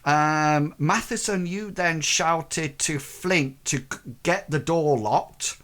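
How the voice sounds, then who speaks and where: A man narrating a tabletop game as its game master, speaking slowly with a somewhat high voice. He halts often and fills gaps with ums as he recaps the scene. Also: fairly bright tone. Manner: slow, hesitant recap with many fillers.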